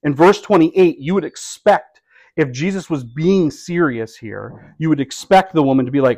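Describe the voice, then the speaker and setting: A middle-aged man preaching a sermon as pastor, conversational and wry, with bursts of animated emphasis. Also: on the high side, normal speed.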